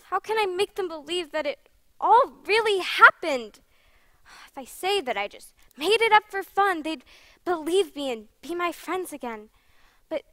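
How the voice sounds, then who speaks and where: A woman's voice: extremely high pitch, fairly bright tone, no echo, exaggerated voice. A woman voicing an earnest young girl talking to herself. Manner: musing, pleading.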